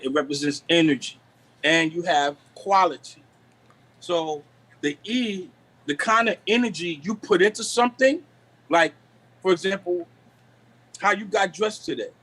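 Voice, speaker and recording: A man on a live video call, explaining the deeper meanings of words in a preachy, repetitive way. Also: a bit bright, husky, low-quality recording. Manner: preachy, repeats "you know what I'm saying". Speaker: guest. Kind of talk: live stream talk on word meanings.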